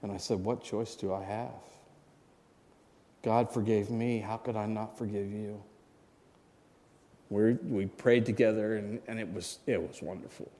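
A man's voice: fairly low pitch, steady tone, a little slow, long pauses, warm tone. A man in his sixties preaching a sermon and telling a personal story in a conversational way, now and then asking the congregation for an amen. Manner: conversational, asks the congregation for amens. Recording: long hall reverb.

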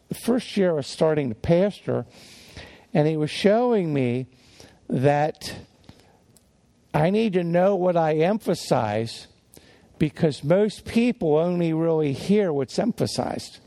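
Gravelly male pastor teaching a sermon. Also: fairly high pitch, dark tone. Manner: conversational with chuckles and repeated restarts.

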